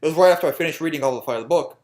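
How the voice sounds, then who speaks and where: Young dude podcasting, kinda high voice, rambly and sweary. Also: male voice, racing, a little mellow. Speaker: podcast co-host. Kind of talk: casual chat.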